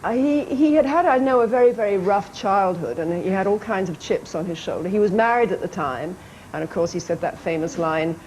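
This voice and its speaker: A woman's voice: medium pitch, a little fast, darkish tone, rough recording. An actress being interviewed on a TV chat show, telling amused anecdotes and putting on little voices for the people in her stories. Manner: amused storytelling, playful quoted voices, light laughs. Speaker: actress and guest. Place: TV studio. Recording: archive TV broadcast with faint background noise.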